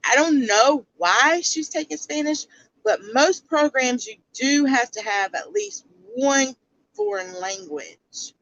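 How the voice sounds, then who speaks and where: Woman, stream host; unhurried delivery, lively pitch, calls things out bluntly. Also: creaky, lo-fi sound. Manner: blunt, rhetorical questions to viewers. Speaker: livestream commentary host. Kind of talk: casual livestream commentary.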